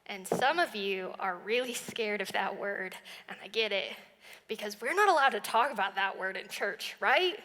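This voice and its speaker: A woman's voice: medium pitch, moderate pace, a bit bright. A young woman, a college minister, preaching a sermon in a chatty, conversational way. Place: church sanctuary. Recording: long reverb of a church hall.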